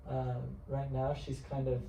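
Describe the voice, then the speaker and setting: A talkative Texan man rambles about his auction business in a relaxed interview. He sits away from the mic in an echoey room, with faint noise behind him. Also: medium pitch, unhurried, recorded from a distance. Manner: talkative, rambling with restarts and asides. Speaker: auctioneer and antiques specialist. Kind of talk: casual interview chat.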